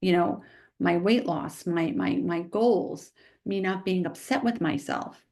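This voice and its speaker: Woman, nutritionist guest, emphatic, quick, keeps asking "right?", podcast interview. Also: fairly low pitch, a little mellow.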